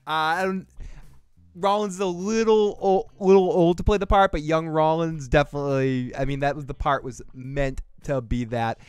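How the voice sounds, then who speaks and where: Hosting a casual TV recap podcast, this Boston man rambles, cracks jokes and curses freely. His voice is a little high, steady and darkish, clear and resonant at a moderate pace, with no room sound.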